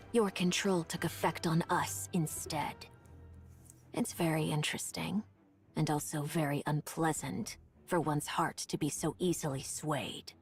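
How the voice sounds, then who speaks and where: A low, deadpan Rapture advisor. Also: female voice. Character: calm, cryptic female Rapture advisor. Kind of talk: video game voice acting.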